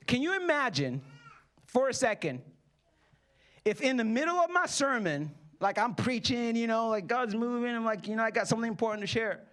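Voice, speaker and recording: High-voiced playful preacher man. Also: very animated, brisk, fairly bright tone. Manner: playful, jokey preaching with acted-out quotes. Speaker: pastor. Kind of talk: sermon. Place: church hall.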